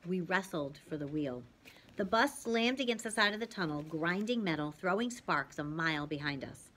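A woman reading a novel aloud as a reader for her channel, narrating lively and dramatically, dropping at times to a soft hush. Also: on the low side, moderate pace.

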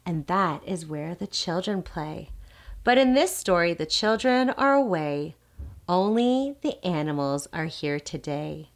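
A woman speech therapist reads a picture book aloud to toddlers. Her voice rises and falls in a lively, sing-song way, and she takes her time. She stops to ask the child questions and makes playful animal sounds. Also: lowish voice.

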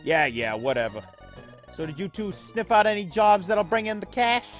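A man voicing a bossy, tough male skunk gang chief with a gruff gangster-style voice, low and contemptuous. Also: expressive, normal speed, fairly bright tone, soft background music.

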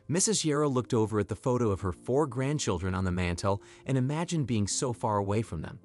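A man narrates a storytime video in an even, clear delivery, his pitch moving up and down with life. Faint music runs underneath the whole read. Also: a little fast, hardly any pauses.

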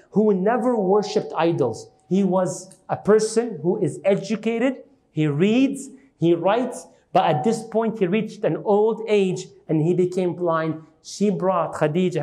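A man teaching an Islamic lecture, retelling a story dramatically and asking the audience questions. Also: darkish tone. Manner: dramatic retelling, acting out quoted speech with rising pitch. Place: mosque lecture hall.

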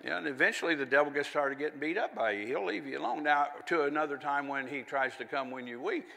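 A man's voice: fairly high pitch, fast talker, creaky, sharp tone, in a large hall. A man preaching a sermon in a folksy, conversational way, with chatty asides and little laughs.

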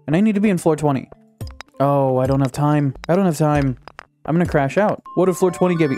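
A young man casually commenting on his own gameplay, excitable and chatty, talking to himself and to the game. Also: fairly high pitch, quick pace, faint music behind. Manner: excitable, talks to himself and the game, yelps at surprises. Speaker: gaming YouTuber. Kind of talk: casual let's-play commentary.

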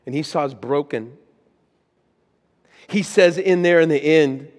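A man's voice: a little high, slow, long pauses, a little mellow, big-room sound. A man, a pastor, preaching a sermon, reading scripture with rising intensity and then speaking plainly to the congregation. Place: church auditorium.

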